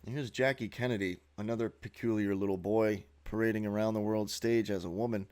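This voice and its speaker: A man's voice: on the low side, steady tone, a little fast, darkish tone, smooth. A man giving a sneering, profane monologue while narrating a slideshow as a video host.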